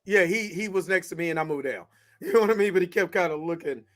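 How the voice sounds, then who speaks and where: A man hosting a casual movie review chat, animated and laughing often as he acts out scenes. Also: high-pitched, quick pace, over a noisy crowd. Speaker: host.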